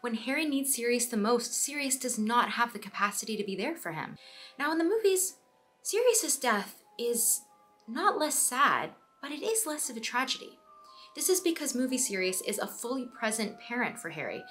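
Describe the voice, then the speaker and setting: A young woman hosting a scripted video essay, animated and playful, with quick asides to the viewer. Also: a little high, faint music behind.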